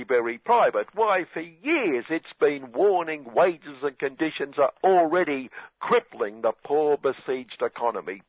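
A man's voice: fairly high pitch, no echo. Sardonic man on tinny radio. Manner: sardonic, mock-earnest irony. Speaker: satirical radio commentator. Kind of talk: scripted satirical commentary. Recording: dry, phone-like radio sound.

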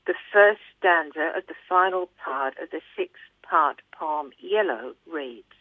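A book reviewer reading a scripted review aloud in a measured, deliberate way. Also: mid-range voice, animated, no room sound. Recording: tinny phone-like line, dry.

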